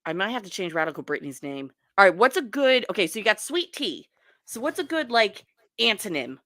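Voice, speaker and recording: A woman hosting a casual livestream roast, teasing and animated with quick asides. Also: mid-range voice, dry recording. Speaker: livestream host.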